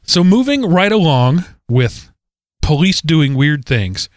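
Bu uzakta değil, kuru bir odada konuşan canlı, hareketli erkek sesi. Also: male voice, fairly high pitch, slow, no room sound, clean studio sound. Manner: animated, self-correcting storyteller. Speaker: podcast co-host. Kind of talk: casual chat about odd news stories.

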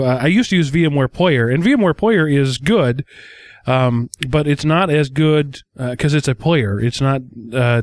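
A man's voice: mid-range voice, no room sound. A man hosting a casual tech podcast who jokes and asks the panel questions. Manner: relaxed, joking, asks the others questions. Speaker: podcast host.

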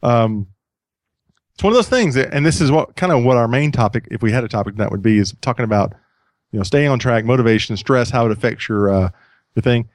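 A male podcast host talking in an easygoing, rambling way, often restarting his sentences. His voice sits at a middle pitch. The recording is dry and close, with no room sound. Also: fairly quick, no echo. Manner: relaxed, rambling with restarts and self-deprecating laughs. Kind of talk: casual podcast chat.

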